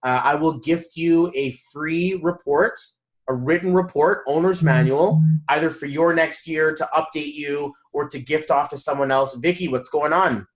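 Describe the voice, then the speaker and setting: A man's voice: a little high, moderate pace. A man in his thirties, a numerology coach giving a motivational talk to a group on a video call, telling stories animatedly and laughing mid-sentence. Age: 30s.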